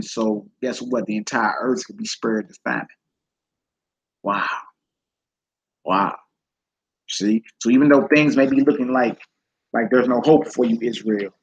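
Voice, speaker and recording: Male religious teacher, scripture reading with casual slangy commentary, gravelly tone. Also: mid-range voice, a bit bright. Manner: casual slang, frequent "you know what I'm saying" asides.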